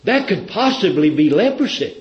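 A woman's voice: lowish voice, sing-song, normal speed, echoey room, muffled recording, pitched above the performer's own voice. Worried wife figure, homespun and anxious, voiced by a male preacher mid-sermon. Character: worried wife of a sick man.

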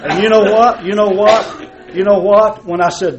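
A man preaching a sermon as pastor. He swings from loud emphasis to hushed tones and uses folksy storytelling and repeated rhetorical questions. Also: high voice, fairly even intonation, moderate pace, very noisy.

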